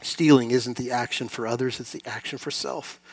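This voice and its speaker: A middle-aged man preaching a sermon in a church, conversational and self-deprecating, swinging between loud emphatic peaks and quiet asides. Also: medium pitch, steady tone, moderate pace, slightly rough. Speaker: pastor. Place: church sanctuary.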